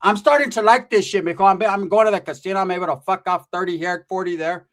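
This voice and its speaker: A man voicing a brash, sassy middle-aged aunt who talks loud and bossy. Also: sits high, fast talker.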